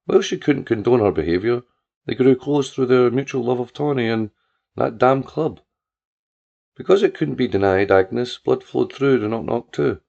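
A man narrating a story in a steady storytelling manner, on a dull lo-fi recording. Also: medium pitch, normal speed, gravelly. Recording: dull lo-fi audio.

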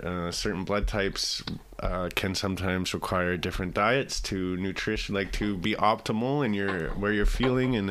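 A man with a fairly low voice hosting a casual podcast chat. He is easygoing and conversational, posing questions to his guest. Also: a bit bright, a little hiss or hum. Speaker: podcast host.

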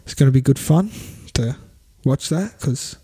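A man's voice: mid-range voice, expressive, unhurried, mellow. A young Australian man co-hosting a podcast, rambling and laughing with many "you know"s in casual chat. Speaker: podcast co-host.

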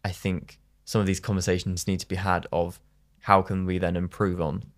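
A man's voice: low voice, flat delivery, normal speed. A young man hosting a casual podcast interview, speaking thoughtfully with hesitant fillers. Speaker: podcast host.

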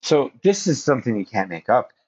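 A man's voice: mid-range voice, big pitch swings, a little fast, a little mellow. A man speaking as a podcast guest, telling a personal story in an earnest, rambling way with frequent restarts. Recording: dull lo-fi sound.

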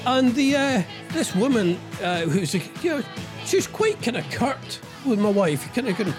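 A man's voice: high-pitched, sing-song, moderate pace, over music. A middle-aged man hosting a radio show, rambling through the news with sarcastic asides and tag questions. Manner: sarcastic about politics. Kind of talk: casual radio talk reading out news items.

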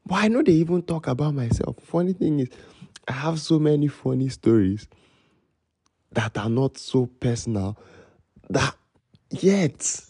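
A young Nigerian man hosting a solo podcast late at night, rambling and freestyling in a low voice and slipping between Pidgin and English. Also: measured pace, long pauses, mellow, husky, dry recording. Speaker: podcast host.

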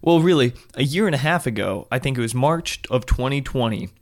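A man hosting a podcast, asking curious follow-up questions in a relaxed interview. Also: mid-range voice, fairly quick. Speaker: podcast host. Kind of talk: casual interview.

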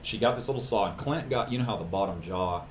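A man's voice: fairly low pitch, quick pace, roomy sound, a little hiss or hum. A man telling a long story in casual speech, plainspoken and rambling, with folksy phrasing.

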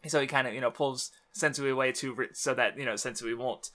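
Male podcast co-host, casual manga chat, bright voice, rambling with lots of fillers. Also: medium pitch, fairly even intonation, fairly quick. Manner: rambling, many fillers and restarts.

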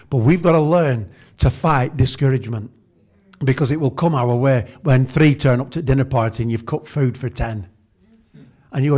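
A man's voice: medium pitch, darkish tone. A man preaching a humorous sermon, telling chatty everyday stories and acting out the scenes. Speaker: pastor.

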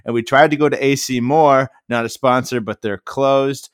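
A man's voice: mid-range voice, normal speed, clear, resonant tone, no echo, clean studio sound. Chatty New man telling a story. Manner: rambling anecdotal, frequent "like" fillers, mimics others in quotes. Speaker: podcast host. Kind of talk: casual storytelling chat.

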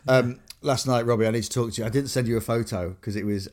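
A man's voice: mid-range voice, fairly even intonation, fast talker, darkish tone. A young man from Grimsby, England, co-hosting a casual chat, rambling with lots of fillers and restarts. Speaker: podcast co-host.

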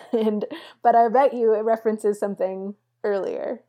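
Mellow-voiced woman guest chatting wryly. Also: mid-range voice, steady tone, unhurried. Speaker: podcast guest. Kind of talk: casual movie chat.

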